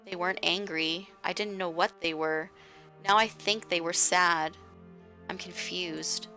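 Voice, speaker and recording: A woman streamer reading a visual novel aloud in a slow, hushed way. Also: lowish voice, fairly even intonation, faint music behind. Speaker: game streamer.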